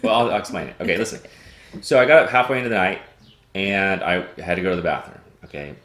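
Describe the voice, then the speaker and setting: A man hosting a casual chat show, telling a wry, animated story. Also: low voice, fast talker. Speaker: show host. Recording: roomy echo.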